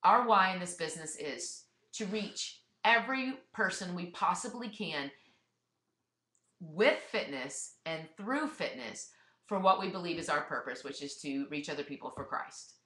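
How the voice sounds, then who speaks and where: Woman coach, emphatic motivational speaker, bright forceful voice, recorded in an echoey room. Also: on the low side, expressive, unhurried. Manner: blunt, emphatic pep talk. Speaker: fitness business coach. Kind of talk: motivational webinar talk.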